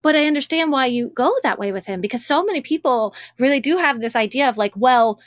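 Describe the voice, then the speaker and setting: A woman's voice: high-pitched, animated, quick pace, dry recording, clean studio sound. A woman relationship coach hosting a coaching call, affirming and encouraging. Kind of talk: coaching conversation.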